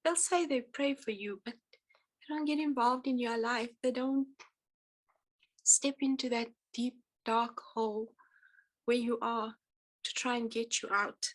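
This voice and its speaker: A woman giving an earnest, halting personal testimony at a church support meeting, speaking with feeling and frequent pauses. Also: on the high side, steady tone, rough recording. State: emotional. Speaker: speaker sharing her testimony.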